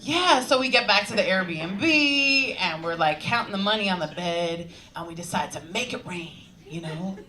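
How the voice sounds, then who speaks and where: A woman's voice: medium pitch, animated, moderate pace, few pauses, bright, forceful tone. A young woman from Long Island with a Long Island accent, doing a brash stand-up comedy set with confiding punchlines. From Long Island, New York. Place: comedy club stage. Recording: noisy live club recording from some distance.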